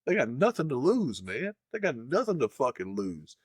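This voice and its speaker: A man's voice: mid-range voice, moderate pace, breathy edge, dry recording, studio quality. A man co-hosting a sports podcast in casual chat, swearing freely and breaking into playful impressions. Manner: profane, animated, jumps into playful impressions. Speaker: podcast co-host.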